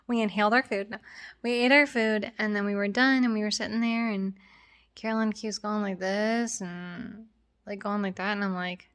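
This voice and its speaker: Young woman, casual vlog chat, rambling with fillers, congested nose, middle pitch. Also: fairly bright tone. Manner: rambling, many fillers and restarts. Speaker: vlogger.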